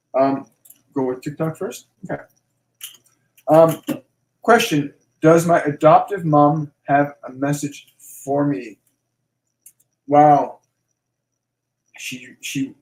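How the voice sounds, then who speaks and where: A man hosting a live Q&A as a medium, relaying messages and repeating phrases slowly and emphatically. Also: on the high side, darkish tone, reverberant, rough recording. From Canada.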